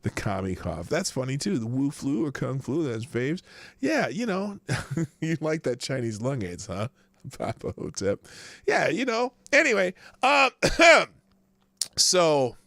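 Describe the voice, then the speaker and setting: A man hosting a casual live news stream, mocking the headlines with sarcastic asides, laughing often and jumping from loud outbursts to low mutters. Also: big pitch swings, a little slow, creaky, dry recording.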